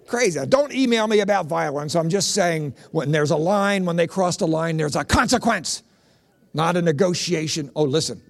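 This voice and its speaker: Here the Pennsylvania comedian and preacher, middle-aged, delivers animated stand-up stories with sharp punchlines. His pitch sits high, his speed is normal, and there's some vocal fry in his voice.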